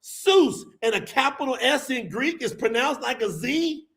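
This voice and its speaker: A man preaching with fire to a live audience, emphatic and colloquial, calling out to the crowd as y'all and bursting into shouts. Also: extremely high pitch, animated, measured pace, creaky. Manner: colloquial, addresses listeners as y'all. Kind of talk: fiery sermon to a live audience.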